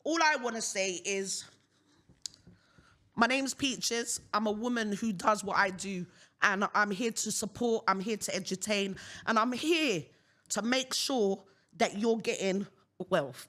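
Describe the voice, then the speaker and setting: A woman's voice: medium pitch, a bit bright. A British woman hosting a solo podcast, ranting outspokenly and often checking the listener understands. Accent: British English. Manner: outspoken, keeps asking "you understand what I'm saying?". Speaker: podcast host.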